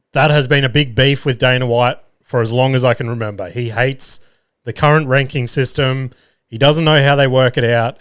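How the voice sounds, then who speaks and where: Smooth-voiced man rambling on a podcast. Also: medium pitch, a bit bright. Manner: rambling, swears freely, many fillers; loses his words mid-thought. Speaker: podcast host. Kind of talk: solo casual chat.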